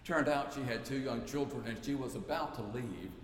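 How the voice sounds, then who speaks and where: A man's voice: medium pitch, normal speed. A male pastor preaching a sermon with emphatic, repetitive rhetorical build-ups. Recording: echoey church hall, faint noise.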